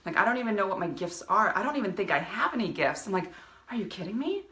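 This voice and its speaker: Woman coach hyping up her live viewers, passionate, bright voice, echoey room. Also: mid-range voice, expressive, quick pace. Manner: passionate, fired-up motivational delivery. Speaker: business coach. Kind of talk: live motivational video talk.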